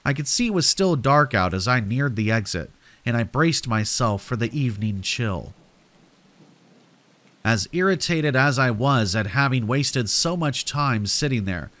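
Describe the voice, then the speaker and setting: A male narrator reading scripted horror stories meant for sleep. He keeps a steady, measured storytelling pace. His voice sits at a middle male pitch.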